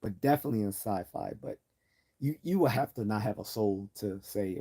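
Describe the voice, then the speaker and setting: A man's voice: fairly low pitch, expressive, a little fast, dark tone, breathy edge. A man hosting a livestream, talking in an earnest, enthusiastic way that rambles with frequent restarts. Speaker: livestream host. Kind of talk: casual livestream commentary.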